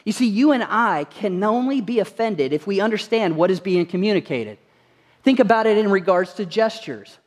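A man's voice: high voice, lively intonation, normal speed, in a large hall. A male pastor preaching a sermon to his congregation in a church, telling stories earnestly and asking rhetorical questions. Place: church sanctuary.

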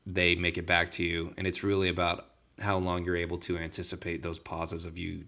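Low gravelly man in casual chat. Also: monotone, a little fast, bright, forceful tone. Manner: laid-back, frequent fillers and profanity.

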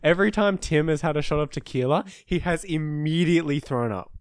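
A young man co-hosting a podcast, telling drinking stories in a casual, animated way, laughing and acting out his friends' lines. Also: a little high, a little fast, clear, resonant tone. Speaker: podcast co-host. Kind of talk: casual storytelling chat.

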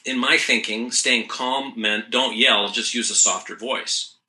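A man's voice: medium pitch, fairly even intonation, measured pace, background noise. A middle-aged man guesting as a parenting mentor, talking thoughtfully in an interview with frequent restarts. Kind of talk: reflective interview talk.

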